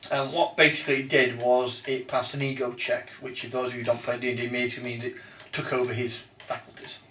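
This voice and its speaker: A man's voice: mid-range voice, flat delivery, quick pace, a bit bright, far from the mic. A man hosting a casual chat about tabletop games, often hesitating and restarting his sentences. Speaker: podcast host. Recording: roomy echo, off-mic, faint noise.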